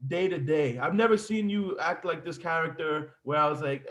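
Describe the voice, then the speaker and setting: Guy on a call giving notes, kinda hesitant, high voice. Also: lively intonation, moderate pace, few pauses. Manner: hesitant, searching for words. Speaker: wrestling student. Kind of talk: casual feedback.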